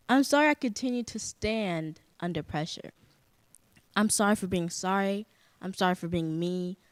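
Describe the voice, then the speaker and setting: A teenage girl, a high school senior, reciting a spoken word poem in a measured, soft-spoken way. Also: dry recording. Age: teens. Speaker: youth poet.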